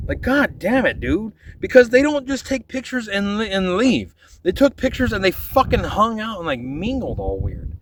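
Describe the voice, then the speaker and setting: A man's voice: sits high, big pitch swings, normal speed, hardly any pauses, recorded from a distance, slight background noise, low-quality recording. A young man, a vlogger, telling stories from his trips in casual, exasperated, profanity-laced rants. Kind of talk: casual storytelling.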